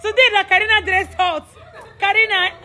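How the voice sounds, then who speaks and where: High bright-voiced woman scolding with laughter. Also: fairly even intonation, moderate pace, a faint crowd. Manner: scolding yet laughing often, repeats herself. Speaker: mother and employer in a family skit. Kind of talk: family comedy skit, scolding and mediating.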